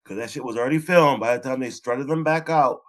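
A man's voice: medium pitch, a little fast. A man co-hosting a casual podcast who talks emphatically and bluntly and swears freely. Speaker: podcast co-host.

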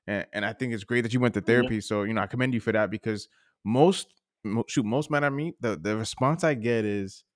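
A man hosting a podcast interview, speaking quickly and earnestly, encouraging his guest. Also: fairly low pitch, no echo, clean studio sound. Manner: quick, earnest, encouraging, acts out quoted voices. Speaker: podcast host. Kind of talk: casual interview.

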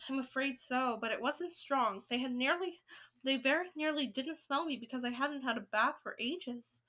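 An earnest young boy from a storybook, read aloud by a woman. The voice sits high and sounds bright. He speaks eagerly and earnestly. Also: moderate pace.

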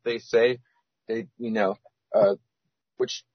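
A man's voice: lowish voice, a little fast, husky, dry recording. A man as a podcast guest, rambling with many restarts and fillers. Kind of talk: casual podcast interview. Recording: dull lo-fi sound.

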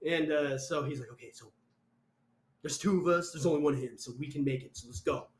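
A man's voice: a little high, fast talker. A young man telling a story in casual chat, swearing a lot and acting out what people said. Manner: profane, animated, acts out quotes loudly. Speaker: storyteller guest. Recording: echoey room.

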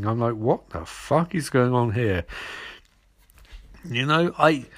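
Sarcastic rambling man recapping a show. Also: mid-range voice. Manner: sarcastic, rambling, acts out characters' lines. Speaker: TV episode recapper. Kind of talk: casual recap commentary.

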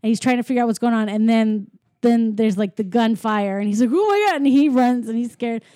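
A woman's voice: a little high, level tone, a little fast, warm tone, no room sound, clean studio sound. A woman casually recapping a movie with a friend, storytelling and acting out quotes with lots of laughter. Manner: chatty storyteller, acts out quotes, laughs often. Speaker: podcast co-host recapping a film. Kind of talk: casual chat.

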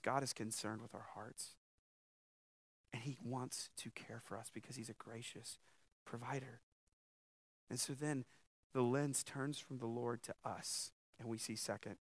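A man's voice: on the high side, expressive, normal speed, fairly bright tone. A young man preaching a sermon in a conversational way, with joking asides and rising emphasis. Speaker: pastor.

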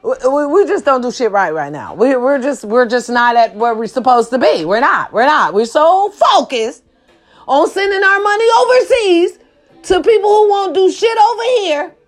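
Woman, high voice, blunt profane rant, shouted lines and low mutters, rhetorical questions. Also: expressive, normal speed, soft background music. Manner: swings between shouting and low muttered asides. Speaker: social media commentator. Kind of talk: impassioned rant to camera.

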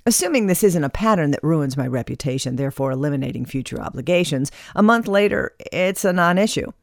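A woman reading a scripted self-help monologue in a wry, chatty way with lively asides. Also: deep voice, quick pace, gravelly, dry recording, studio quality.

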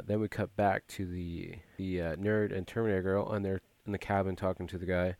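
A man's voice: sits low, darkish tone, no room sound. A man casually recapping a movie plot, rambling with frequent filler words and restarts.

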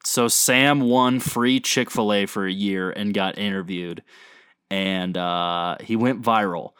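A man's voice: on the low side, steady tone, slow, a bit bright, smooth, no room sound, clean studio sound. A man co-hosting a podcast, laid-back and jokey, full of slang and swearing. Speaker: podcast co-host. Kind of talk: casual sports chat.

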